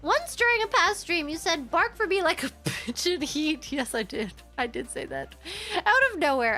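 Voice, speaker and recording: Giggly high-voiced young woman streamer. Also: normal speed, faint music behind. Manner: giggly, animated, breaks into laughter. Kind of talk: casual storytelling on a stream.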